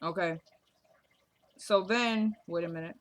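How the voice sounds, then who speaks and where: A woman's voice: fairly low pitch, measured pace. A woman chatting casually as she recaps a TV episode, joking around and acting out the characters' lines. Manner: chatty, jokey, acts out lines from the show.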